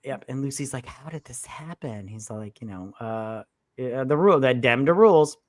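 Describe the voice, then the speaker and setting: A man's voice: mid-range voice, normal speed, dry recording, clean studio sound. A man co-hosting a casual live movie-review stream, rambling and swearing as he retells scenes and acts out the characters' lines.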